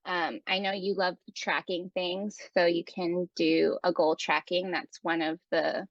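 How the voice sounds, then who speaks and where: A woman coach speaks slowly and encouragingly in a slightly low voice. The sound is dull and muffled, as over a video call, and very dry. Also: flat delivery, no room sound. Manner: upbeat, encouraging, with fillers. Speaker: workshop coach. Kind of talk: casual workshop talk.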